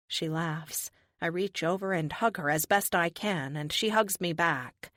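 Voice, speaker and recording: Female audiobook narrator, fairly low voice, wry and emotive, dry close mic. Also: unhurried, hardly any pauses, a bit bright, no echo. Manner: wry, emotive first-person delivery. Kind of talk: first-person audiobook narration.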